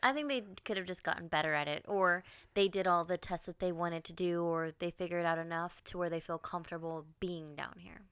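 Woman podcaster, smooth clear voice, dry close sound, just keeps asking big what-if questions. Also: lowish voice, a little fast, hardly any pauses, fairly bright tone, no room sound. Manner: wondering aloud, chains questions together. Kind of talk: casual chat.

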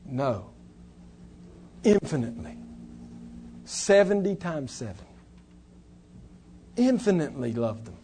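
A man preaching a sermon as pastor, moving between hushed, tender passages and loud, impassioned appeals. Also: medium pitch, animated, slow pace, pauses often, breathy edge.

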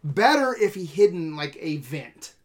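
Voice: medium pitch, big pitch swings, measured pace. A co-host of a casual movie podcast, talking loosely with lots of fillers and casual swearing. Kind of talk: casual movie review chat.

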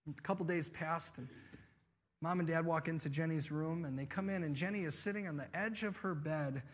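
A man preaching a sermon and telling a story in an animated way, moving from soft, quiet passages to emphatic, rising ones. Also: fairly high pitch, normal speed.

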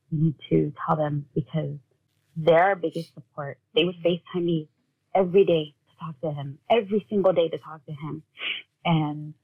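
A woman with a gravelly, husky voice tells her own story as an interview guest. She talks in a halting way full of fillers, and she acts out what family members said. The audio is thin and phone-like. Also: sits low. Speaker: guest, bereaved mother. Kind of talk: personal storytelling in conversation.

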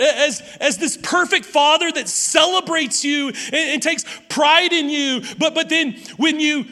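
A middle-aged pastor with a very high, bright voice preaches a sermon, his sound carrying a long reverb through a large hall. He tells a story in a halting way, repeating words and restarting. His delivery drops to a hush and then rises loud again. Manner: swings between hushed and loud passages.

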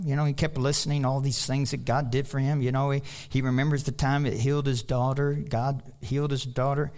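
A man's voice: medium pitch, little pitch movement, a little fast, hardly any pauses, a little mellow. A man preaching a sermon in a folksy, storytelling way, with joking asides and a voice that climbs when he presses a point. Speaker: pastor.

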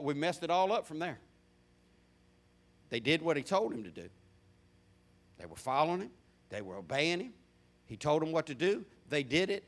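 Animated preacher with a bright, high voice. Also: male voice. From Florida. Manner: animated, swings from loud to hushed, folksy storytelling. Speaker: pastor. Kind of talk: sermon.

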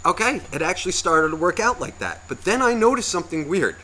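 A man's voice: sits high, very animated, a little fast, bright, forceful tone. A man co-hosting a podcast, telling a long story in a profane, exasperated, ranting way. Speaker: podcast co-host.

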